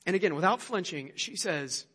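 A man preaching a sermon, retelling a Bible story with animated storytelling and acted-out quotes. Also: moderate pace, slightly rough. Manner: animated storytelling, acts out quotes with rising pitch. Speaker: pastor.

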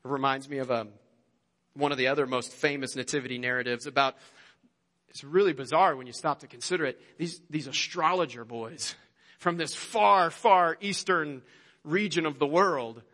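A man preaching a sermon, retelling a Bible story with animated storytelling and acted-out quotes. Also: moderate pace. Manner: animated storytelling, acts out quotes with rising pitch. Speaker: pastor.

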